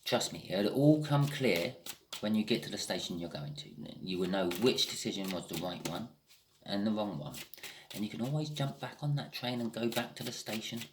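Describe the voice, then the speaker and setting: Low-voiced man rambling through a tarot reading. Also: lively intonation, normal speed, noisy background. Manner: rambling, thinking aloud with restarts and swearing. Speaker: tarot reader.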